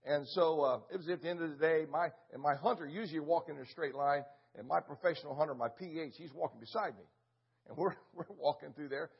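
An older male pastor with a high, husky voice tells a story from the pulpit, acting it out with punchy sound effects. The recording is dull and lo-fi. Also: fast. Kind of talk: storytelling sermon.

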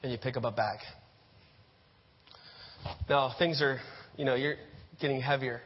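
A man's voice: mid-range voice, fairly even intonation, unhurried, slight background noise. A man giving a sermon, telling stories in the second person and acting out scenes. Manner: addresses listeners as "you", acts out scenes. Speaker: preacher. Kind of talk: sermon storytelling. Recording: dull echoey hall.

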